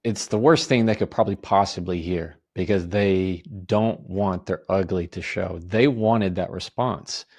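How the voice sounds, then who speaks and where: A low, gravelly male voice explains advice on handling conflict, laying it out in calm, orderly steps. He speaks evenly, offering example phrases as he goes. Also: measured pace, few pauses. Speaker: guest, attorney and communication author. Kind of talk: podcast interview, explaining advice.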